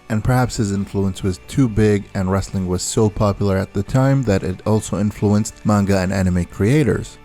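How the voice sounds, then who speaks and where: A man giving a scripted video-essay narration as the host, counting down a list in a steady delivery over faint background music. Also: fairly low pitch. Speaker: anime and wrestling video host.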